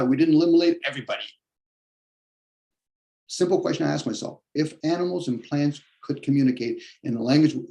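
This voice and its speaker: A man's voice: mid-range voice, a little mellow. A man on a podcast giving a blunt, combative rant, swearing heavily and mocking the objections he imagines from others. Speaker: podcast host. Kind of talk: profane philosophical rant.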